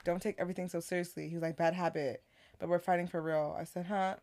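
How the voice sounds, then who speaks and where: Her voice sits on the low side, a little mellow with little pitch movement, and she talks at a quick pace. As a podcast co-host, she chats casually, animatedly recounting text messages and laughing a lot.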